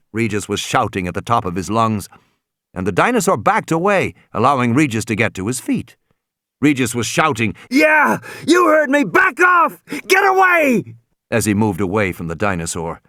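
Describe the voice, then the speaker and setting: A man reading a novel aloud as an audiobook narrator, dramatic and expressive. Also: mid-range voice, dry recording, studio quality. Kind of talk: scripted narration.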